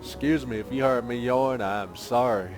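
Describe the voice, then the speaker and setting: A man's voice: medium pitch, moderate pace. Man rambling over strategy gameplay. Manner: rambling, thinking aloud, relaxed. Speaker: gaming channel host. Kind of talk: casual gameplay commentary. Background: game music.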